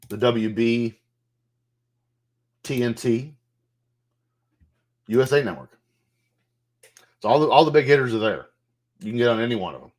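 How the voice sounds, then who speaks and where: A man's voice: fairly low pitch, darkish tone. A man casually walking through a wrestling management game's menus, loose and a bit profane, thinking aloud as he goes. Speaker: gameplay streamer. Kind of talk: casual game walkthrough commentary.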